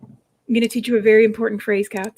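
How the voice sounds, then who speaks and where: A young woman with a fairly high voice chats casually and laughs often. She tells stories with bounce and playfully coaches her co-host through foreign phrases. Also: flat delivery, fast, a little mellow. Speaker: streamer chatting with a co-host. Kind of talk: casual chat.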